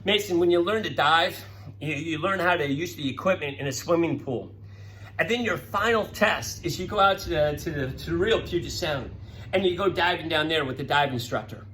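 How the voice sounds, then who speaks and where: A middle-aged man telling children a science story, calling each child by name and getting excited as he goes. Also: on the high side, moderate pace, a little hiss or hum, poor audio. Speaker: presenter talking to children. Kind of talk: storytelling science talk for kids.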